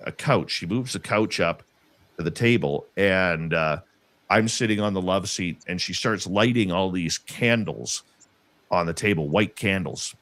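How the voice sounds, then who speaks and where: A man earnestly telling a personal story in casual conversation, halting and restarting as he goes. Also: deep voice, a bit bright, no echo.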